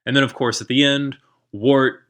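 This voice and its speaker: Bright-voiced man chatting on a podcast. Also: mid-range voice, steady tone, normal speed. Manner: enthusiastic, rambling with many fillers. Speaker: podcast co-host. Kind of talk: casual podcast chat.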